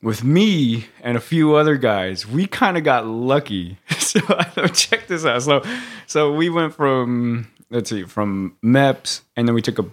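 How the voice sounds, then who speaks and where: A man's voice: medium pitch, animated, takes it slowly, few pauses. A young adult man co-hosting a podcast, telling rambling, profane boot camp stories and laughing often. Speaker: podcast co-host. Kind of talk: casual storytelling chat.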